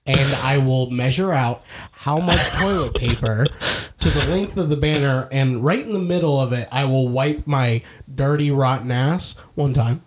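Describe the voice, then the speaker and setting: A man's voice: mid-range voice, normal speed, a little hiss or hum. A man co-hosting a casual podcast who jokes crudely and spins out made-up scenarios. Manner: crude, joking, riffs on hypotheticals. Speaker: podcast co-host. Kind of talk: casual banter.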